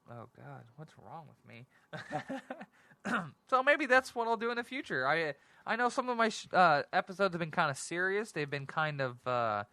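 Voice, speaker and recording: A man hosting a casual solo talk show, rambling and excitable, often laughing at himself. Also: a little high, no echo. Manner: rambling, giggly, self-deprecating; excitable and animated. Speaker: podcast host.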